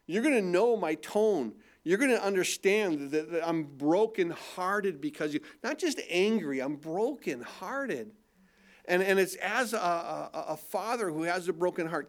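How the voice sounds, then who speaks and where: A middle-aged man preaching a sermon, acting out quotes in shifting tones. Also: high voice. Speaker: pastor.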